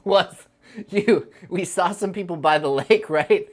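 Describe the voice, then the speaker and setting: A woman's voice: on the low side, a little slow, a little mellow. A young woman co-hosting a casual chat show, teasing playfully and giggling as she recalls a story. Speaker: co-host.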